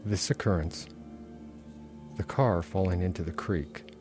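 Deep-voiced male author reading his dark novel aloud, measured and intense, music underneath. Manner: measured, dark and intense first-person narration. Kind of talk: literary reading.

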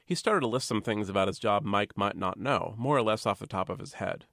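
A man, the author, reading a chapter of his novel aloud in a measured, wry, understated way. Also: fairly low pitch, vocal fry, fairly bright tone, no echo, studio quality. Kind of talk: literary reading.

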